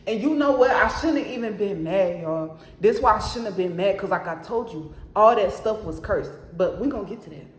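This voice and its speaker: A woman in the middle of a casual storytime, speaking with emphasis and turning to her viewers over and over. Her voice sits at an ordinary pitch for a woman. The room around her is bare and echoey, as if she is filming at home. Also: animated, moderate pace, few pauses. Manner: emphatic, keeps addressing viewers directly. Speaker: storyteller vlogger. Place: her own apartment.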